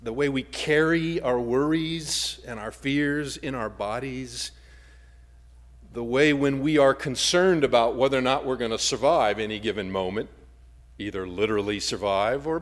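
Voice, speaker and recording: A male pastor preaching with wide swings in volume. He rises to forceful emphasis, then drops to soft, breathy near-whispers. His pitch sits at a middle level for a man. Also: animated, normal speed. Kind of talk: sermon.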